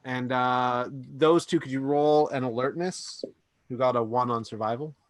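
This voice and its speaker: A man narrating a tabletop game as game master in a casual, halting way with many fillers. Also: mid-range voice, fairly even intonation, no echo. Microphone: home microphone on a stream.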